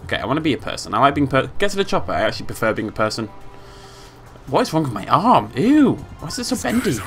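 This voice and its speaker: A British man giving playful, excitable commentary on a game he is playing, humming tunes and yelping with glee. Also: medium pitch, fast. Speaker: gameplay commentator. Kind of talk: casual let's-play commentary. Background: game music.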